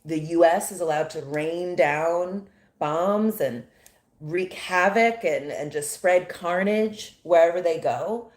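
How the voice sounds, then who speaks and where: American woman, lowish voice, emphatic, indignant, roomy echo. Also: slow pace, darkish tone. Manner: emphatic, indignant, rhetorical questions. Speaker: commentator. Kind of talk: impassioned monologue.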